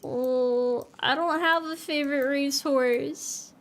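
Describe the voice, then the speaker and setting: While streaming a farming game, a young VTuber chats with her audience in a playful, self-deprecating way. Her voice sits high with fairly even intonation, and she speaks slowly.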